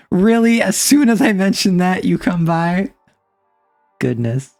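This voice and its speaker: A woman's voice: medium pitch, takes it slowly, darkish tone, faint music behind. A woman streamer chatting casually and playfully with her chat, laughing often. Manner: playful, giggly, teasing.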